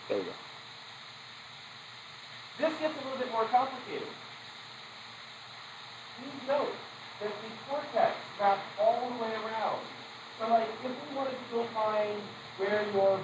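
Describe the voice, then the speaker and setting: A high-pitched man leads a psychology class in a relaxed, conversational lecture, with background noise present. He quizzes his students, throws in casual asides and corrects himself along the way.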